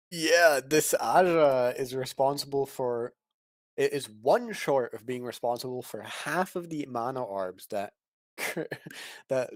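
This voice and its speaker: A man's voice: medium pitch, no room sound. Analytical man commentating a card game. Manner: analytical, explains plays in detail, laughs often.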